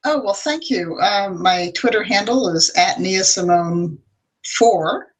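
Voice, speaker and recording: An American woman, a guest author, chatting in a friendly way with many pauses and ums. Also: medium pitch, lively intonation, poor audio. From United States. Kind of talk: casual interview chat.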